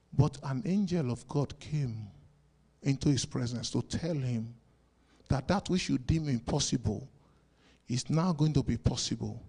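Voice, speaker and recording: A pastor preaching a sermon, asking rhetorical questions and bursting into sudden loud shouts. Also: male voice, mid-range voice, unhurried, gravelly, breathy edge.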